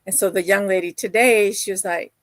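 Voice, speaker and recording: A crochet livestream host speaks fairly quickly in a steady, mid-range voice, with no room sound on her streaming mic. She chats casually, reads viewer comments, and tells stories full of fillers and quoted voices.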